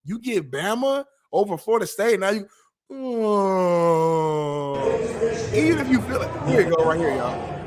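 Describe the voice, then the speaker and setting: A man co-hosting a sports talk show who reacts loudly, swears casually, and reads viewer messages aloud. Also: high-pitched, sing-song, brisk, very noisy.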